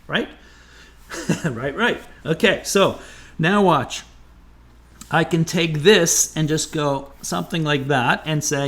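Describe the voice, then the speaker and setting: A man's voice: fairly high pitch, lively intonation, a little slow, fairly bright tone. A man teaching a drawing class, chatty and encouraging, thinking aloud as he sketches. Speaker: art teacher. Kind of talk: drawing tutorial.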